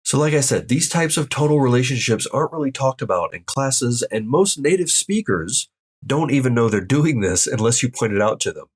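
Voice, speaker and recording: Husky-voiced man teaching with lively pitch. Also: a little fast. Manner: explains step by step and demonstrates each tone aloud; upbeat, addresses viewers directly. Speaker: Mandarin tone teacher. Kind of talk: online language lesson.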